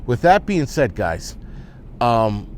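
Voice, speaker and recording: A man delivers an angry vlog rant. He talks bluntly and swears freely. His voice sits at an ordinary, mid pitch. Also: big pitch swings, slow pace, darkish tone, slight background noise. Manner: profane, blunt, heated. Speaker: prepper vlogger.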